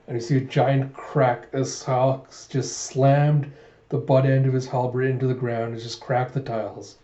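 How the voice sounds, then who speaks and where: Mellow young man narrating a manga. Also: medium pitch, little pitch movement, measured pace. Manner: casual, play-by-play retelling with fillers. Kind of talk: casual manga readthrough. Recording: echoey room, dull lo-fi sound.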